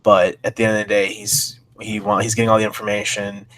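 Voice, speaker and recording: A man's voice: on the low side, completely flat delivery, brisk, a bit bright. A man reading chat logs aloud and commenting, thinking aloud and reacting with disbelief.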